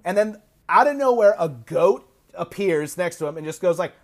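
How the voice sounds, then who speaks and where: A man chatting as a podcast guest, animatedly retelling a film plot and slipping into quick put-on voices for the characters. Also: high voice. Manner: animated, recounts plots with quick put-on quotes. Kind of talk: casual storytelling chat.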